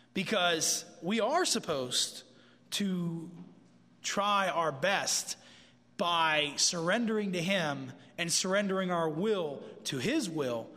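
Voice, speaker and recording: A man giving a casual, animated sermon as a pastor, often repeating himself as he goes. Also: sits high, big-room sound.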